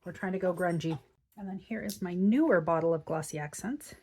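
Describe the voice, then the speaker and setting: Brief: woman craft host, lowish voice, relaxed chatty walkthrough at her table. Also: a little fast, husky. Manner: chatty, thinks aloud while working. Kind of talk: casual craft tutorial.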